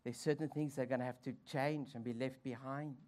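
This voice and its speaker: Lively, playful preacher. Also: a little fast. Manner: lively, swings from loud and high to low and quiet; playful asides and wry humor. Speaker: pastor. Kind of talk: sermon.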